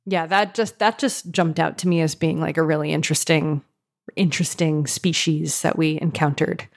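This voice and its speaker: A woman co-hosting a casual book podcast, bubbly and quick to laugh. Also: low voice, steady tone, vocal fry. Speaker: podcast co-host.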